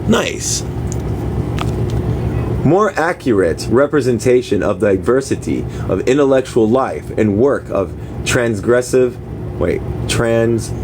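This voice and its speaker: A man's voice: fairly low pitch, background noise. Man reading a book aloud on a livestream. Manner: reads haltingly, stops to puzzle over words; talks to viewers offhand, apologetic. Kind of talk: casual live reading with chat asides.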